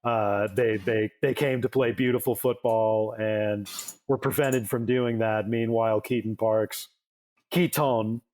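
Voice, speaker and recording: A man's voice: on the low side, fairly even intonation, unhurried, a little mellow. A man co-hosting a sports podcast in casual chat, rambling with lots of fillers and restarts. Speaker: podcast co-host.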